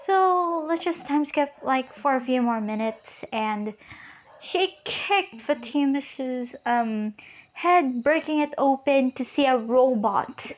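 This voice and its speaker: A woman's voice: high-pitched, animated, slow pace. A young woman improvising a fan story in a hesitant way, with many fillers and restarts.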